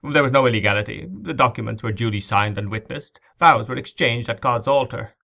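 A man's voice: mid-range voice, brisk, creaky, bright, forceful tone. A man playing a terrified, pompous old bishop in a storybook reading, crying out in fear.

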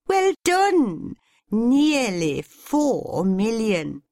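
A woman voicing a vain, theatrical aging female television star with a grand, drawn-out delivery. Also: on the low side, sing-song, no echo, studio quality, voice pushed up, full character voice. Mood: grandstanding.

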